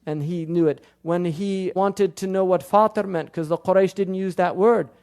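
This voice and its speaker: A man's voice: high-pitched, fairly even intonation, darkish tone, smooth. A male scholar giving a religious lecture, firing rhetorical questions at the audience and weaving Arabic terms into his talk. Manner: questions the audience rapidly, quotes classical sources.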